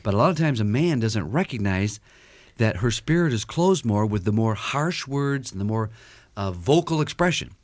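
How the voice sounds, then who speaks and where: On a radio talk show, a visiting counselor recounts stories in a lively way and performs the quoted lines. He speaks at a normal speed in a voice on the low side, with no echo.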